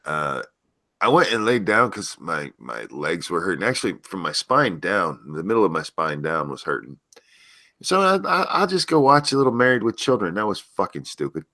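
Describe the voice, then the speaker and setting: Stuffy low-voiced man hosting a stream. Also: very animated, moderate pace, pushed and bright, dry recording, clean studio sound. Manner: joking, profane, easily sidetracked. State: stuffy and unwell. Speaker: stream host. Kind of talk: casual live-stream chat.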